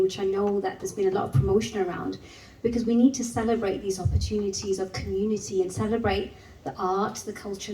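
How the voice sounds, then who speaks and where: A woman's voice: mid-range voice, mellow, a little hiss or hum. Woman poet in an echoey venue. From Wolverhampton, England. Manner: slow, rhythmic poetic delivery, then chatty and laughing between poems. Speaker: spoken word poet. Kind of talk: live spoken word performance and stage chat. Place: live performance venue. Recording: echoey room, mic picked up from some distance. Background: faint live music.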